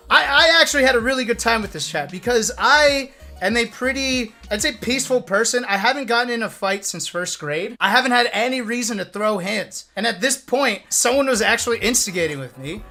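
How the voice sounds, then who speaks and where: A man streaming to his chat, telling a story in a casual, animated way, swearing freely and checking in with "right?". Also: very high voice, a little fast, faint music behind. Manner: animated, profane, talks to chat with lots of "right?".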